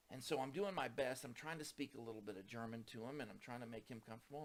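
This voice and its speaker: A man with a gravelly, creaky edge recounts a misadventure in casual storytelling. His pitch swings widely as he acts out the people in the story. He climbs high and loud at the tense moments. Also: fast talker. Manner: animated, acts out quoted voices, rising to excited peaks.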